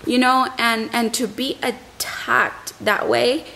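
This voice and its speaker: A woman's voice: fairly high pitch, steady tone, slow, gravelly, pushed and bright, rough recording. A young woman vlogger who is still shaken up, telling a long story in a rambling way and often repeating her words. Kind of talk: emotional storytime vlog.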